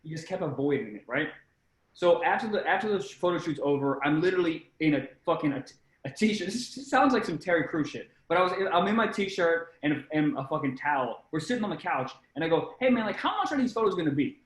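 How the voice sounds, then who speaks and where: A man's voice: on the high side, animated, brisk, echoey room, poor audio. A young man, a comedian guest, telling a story in casual chat, swearing freely and acting out the voices in it.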